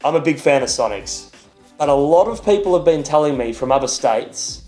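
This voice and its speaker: A man's voice: on the high side, expressive, normal speed, darkish tone, faint music behind. A young Australian man narrating a casual travel vlog, chatty and upbeat with playful asides. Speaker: vlogger and podcast host.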